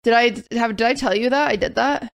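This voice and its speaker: Higher-pitched woman hosting a casual podcast. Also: fast talker, gravelly, no echo. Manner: animated, rambling with restarts. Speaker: podcast host. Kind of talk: casual chat.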